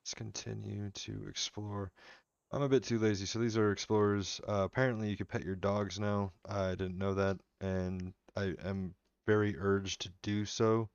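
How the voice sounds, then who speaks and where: A man with a very low, smooth and clear voice chats casually with viewers while streaming a game. His talk is relaxed and rambling. The sound is dry and slightly dull, like a home desk mic. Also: no room sound. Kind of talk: casual live-stream commentary. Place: home room.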